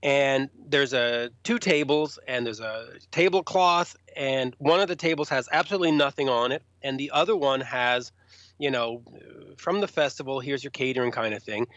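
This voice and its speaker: A man guest on a casual podcast, telling backstage stories in an animated way and acting out the people he quotes. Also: mid-range voice, moderate pace, no room sound. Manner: animated, acts out quoted voices. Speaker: rock journalist guest. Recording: dull lo-fi podcast audio.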